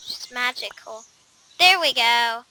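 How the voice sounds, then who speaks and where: A high-pitched young female voice chats and giggles her way through a co-op game, rambling with fillers and side stories. A steady hiss of noise sits under her homemade mic recording. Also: slow, low-quality recording. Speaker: video game let's-play host. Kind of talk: casual gaming chat.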